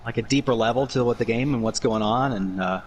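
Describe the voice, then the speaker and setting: An earnest man chatting casually on a podcast about his work as a game commentator. His voice sits at an ordinary pitch. He explains his process step by step, at length. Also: fairly quick, a little mellow, a little hiss or hum.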